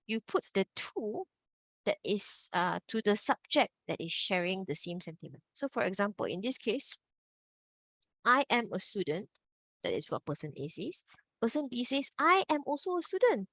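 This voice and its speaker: A woman's voice: medium pitch, sing-song, normal speed, gravelly, a bit bright, dry recording. A woman teacher, patiently explaining grammar over a video call and repeating key points. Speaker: Mandarin teacher. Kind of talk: online class teaching.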